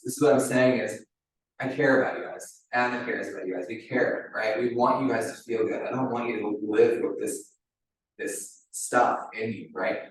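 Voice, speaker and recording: A man's voice: mid-range voice, steady tone, moderate pace. A man coaches a group through a live demonstration, chatty and checking in with "right?" after his points. His voice bounces around a very reverberant room. He sounds some distance from the microphone. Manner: chatty, ends many phrases with "right?". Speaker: wellness coach leading a demonstration. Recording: very echoey room, mic far off.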